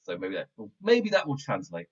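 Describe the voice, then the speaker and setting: Excitable man on muffled backup audio. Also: mid-range voice, a little fast, husky. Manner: excitable and rambling, laughs often. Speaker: wrestling podcast host. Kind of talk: casual show review.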